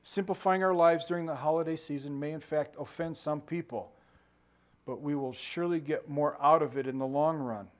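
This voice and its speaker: An older man delivers a sermon in a somewhat raised pitch. He moves between scripture and loose personal anecdotes, often restarting his sentences and chuckling at himself. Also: normal speed. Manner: conversational storytelling with frequent restarts and laughter. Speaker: pastor.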